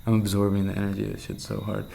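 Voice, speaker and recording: Gravelly young man in a rambling video diary. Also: completely flat delivery, rapid-fire, slight background noise, rough recording. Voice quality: gravelly, low-set voice. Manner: rambling, intense, swears a lot, drops to hushed half-whispers. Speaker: vlogger. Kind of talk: candid late-night video diary.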